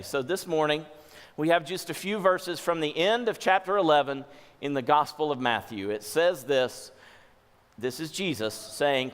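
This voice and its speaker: A man's voice: on the high side, moderate pace, smooth. Man preaching in a reverberant church hall. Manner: shifts between soft hushed tones and forceful lines when voicing scripture. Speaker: pastor. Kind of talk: sermon. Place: church sanctuary.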